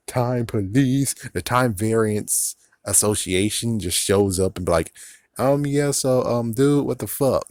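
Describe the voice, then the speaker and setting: Low-voiced man rambling in a casual review. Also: dry recording, clean studio sound. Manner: rambling, profane, laughs often. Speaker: YouTube reviewer.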